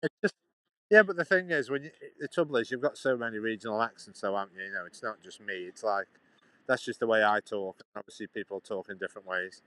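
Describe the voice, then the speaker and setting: Man, bright lowish voice, dry close sound, chatty, meandering. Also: fast talker, dry recording, poor audio. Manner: chatty, meandering, answers chat questions. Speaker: live streamer. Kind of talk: rambling live-stream chat with viewers. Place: outdoors in a sunny town.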